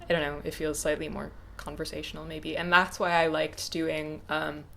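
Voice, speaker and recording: Low-voiced hesitant young woman. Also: level tone, normal speed, gravelly, a bit bright. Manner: hesitant, many ums and restarts, reflective. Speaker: YouTuber. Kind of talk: casual unscripted talk to camera.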